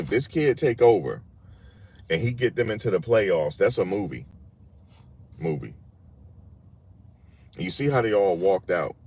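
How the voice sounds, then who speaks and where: A man's voice: on the low side, a little mellow, husky. A man hosting a sports channel, giving casual reaction commentary in an emphatic, slangy way and repeating his points.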